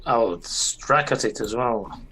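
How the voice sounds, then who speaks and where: A man's voice: medium pitch, slow, bright, forceful tone, slight background noise, low-quality recording. A man playing a tabletop game, making formal in-character declarations. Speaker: player. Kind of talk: tabletop role-play.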